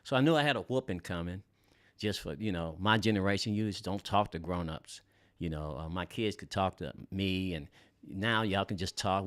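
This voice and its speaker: A man's voice: low-pitched, no echo. A middle-aged man from Los Angeles hosting a casual podcast, telling stories in a loose, slangy way with lots of fillers and swearing. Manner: laid-back and loose, heavy on fillers and slang, swears freely. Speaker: podcast host.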